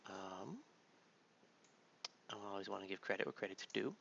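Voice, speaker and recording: An adult father hosts a casual let's-play video, rambling in laid-back commentary packed with fillers, like a tired dad at his home computer. His voice sits low, gravelly and a bit bright, at a normal speed, through a dull lo-fi mic with faint noise.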